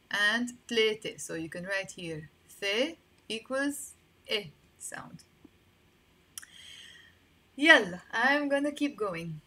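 A young woman with a Lebanese accent teaching Arabic pronunciation in an online lesson, patiently repeating words slowly for learners. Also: medium pitch, pushed and bright.

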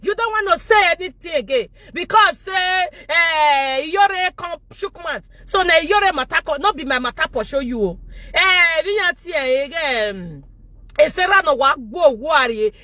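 A woman with a Nigerian accent giving mocking, animated live-stream commentary, often laughing and raising her voice. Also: sits high, unhurried, dry recording. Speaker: social media commentator.

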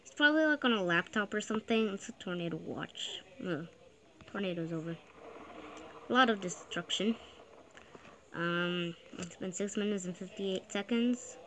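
A woman giving casual, chatty gameplay commentary, excitable at times and often quoting other players in exaggerated voices. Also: medium pitch, normal speed, long pauses, low-quality recording. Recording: steady background noise.

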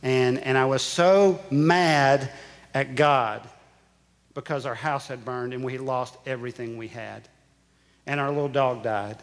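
A man's voice: medium pitch, measured pace. A male pastor preaching a sermon, telling a personal story with emphatic repetition. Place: church sanctuary. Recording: church sanctuary with long reverb.

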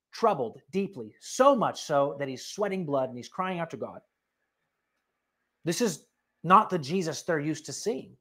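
A preacher giving a sermon in a conversational, animated way, with asides and direct questions to the listeners. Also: medium pitch. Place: church.

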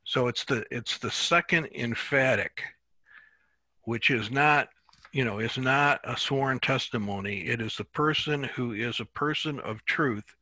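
A man teaching a Bible class in a relaxed, halting way, often repeating words as he thinks. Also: medium pitch, dry recording.

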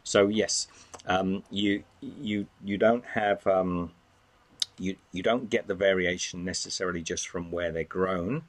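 Man, english accent, very low voice, casual live chat, rambling with restarts. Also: steady tone. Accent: English, softened by years in Australia. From England. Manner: rambling, halting, many restarts and fillers. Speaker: livestream host.

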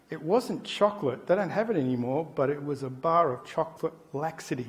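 Pastor telling a lively story. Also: male voice, a little high, fairly quick, few pauses. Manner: animated storytelling, acting out the people in his anecdote. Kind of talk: sermon. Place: church.

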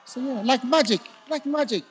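An older man preaching a live sermon in a large church, asking the congregation questions for them to answer and bursting into shouted emphasis. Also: extremely high pitch, moderate pace, a little hiss or hum. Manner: call-and-response questions to the congregation. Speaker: bishop preaching.

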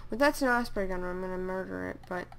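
A woman giving casual gameplay commentary, excitable, exclaiming and grumbling at opponents as she plays. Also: lowish voice, quick pace, creaky, a little hiss or hum.

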